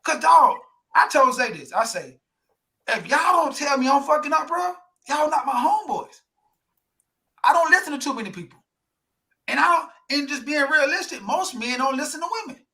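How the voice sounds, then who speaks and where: A man with a very high-pitched voice co-hosts a casual podcast chat at normal speed. He's animated and blunt, swearing freely and acting out quotes in other voices.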